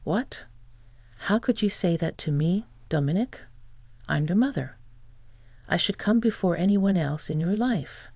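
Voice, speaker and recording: A woman's voice: on the low side, expressive, a little slow, creaky, pauses often, darkish tone, no room sound, heavily acted. A woman voicing a scheming, self-pitying grandmother who talks in an indignant, whiny way.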